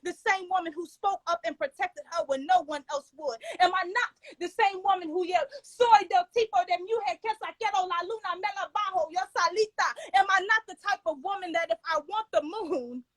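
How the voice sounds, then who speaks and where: A woman's voice: very high voice, brisk, hardly any pauses, no echo, poor audio. A woman poet performing spoken word in a rhythmic, declamatory, intense delivery with a Southern American accent.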